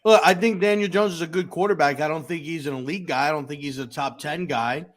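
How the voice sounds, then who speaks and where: A man co-hosting a casual sports podcast, giving blunt, measured opinions. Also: on the high side. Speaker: podcast co-host.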